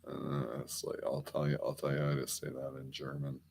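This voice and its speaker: A man's voice: rumbling low, level tone, a little fast, vocal fry, a little mellow, slight background noise. A man hosting a rambling late-night monologue, meandering and swearing casually. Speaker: podcast host.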